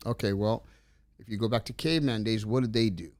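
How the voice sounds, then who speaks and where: A middle-aged man telling stories in a casual interview, rambling and animated as he acts out the dialogue. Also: on the low side, brisk, no echo, studio quality. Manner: rambling, animated storyteller acting out quoted dialogue. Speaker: interview guest.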